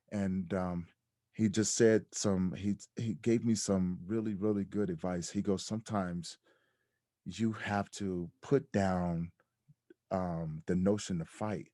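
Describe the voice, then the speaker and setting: Deep-voiced man telling his story. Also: no room sound, clean studio sound. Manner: reflective, animated when quoting others. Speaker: podcast guest. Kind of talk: candid storytelling interview.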